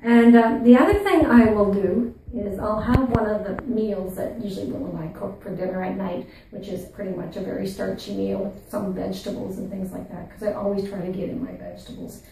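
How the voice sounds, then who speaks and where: A woman's voice: mid-range voice, fairly even intonation, a little fast, vocal fry, hardly any pauses, dark tone, heavy reverb, distant mic, slight background noise, rough recording. A woman with a Maritime Canadian accent from Newfoundland and Nova Scotia, a channel host chatting casually and playfully to her viewers. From Atlantic Canada. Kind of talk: casual chat to camera.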